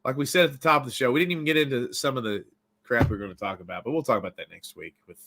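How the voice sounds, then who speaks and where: A man's voice: mid-range voice, very fast, gravelly, a bit bright. Joking, rambling Tennessee man hosting. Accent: East Tennessee. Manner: joking, rambling, self-deprecating. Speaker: podcast host. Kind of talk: casual comedic interview.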